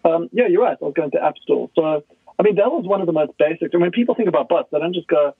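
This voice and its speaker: Male guest expert, animated storyteller, dry phone-quality audio. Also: a little high, quick pace, no room sound. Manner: animated storyteller who acts out quoted dialogue. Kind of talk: conversational podcast explanation. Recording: tinny phone line, dry.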